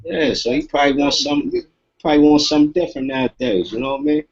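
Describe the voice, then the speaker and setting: A man's voice: a little high, racing, breathy edge, highs cut off. A man talking bluntly in street slang on a casual online talk show.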